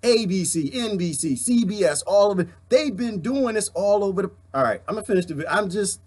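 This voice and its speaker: A man's voice: high voice, lively intonation, a little fast, a little mellow, breathy edge. A man and parent ranting to his viewers in a casual, emphatic, exasperated way. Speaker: vlogger reacting to news clips.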